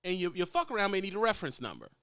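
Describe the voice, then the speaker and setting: A man's voice: sits high, wildly swooping pitch, racing, pushed and bright, dry recording. A man with a Louisiana accent, a truck driver lecturing bluntly and profanely in a ranting vlog.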